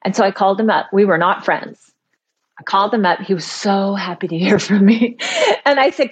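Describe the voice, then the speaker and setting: A woman guest on a talk show, telling a personal story in a lively way and acting out the voices of the people in it. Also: medium pitch, normal speed, slightly rough, highs cut off. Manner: lively, acts out voices in quotes. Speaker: author guest. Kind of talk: animated storytelling.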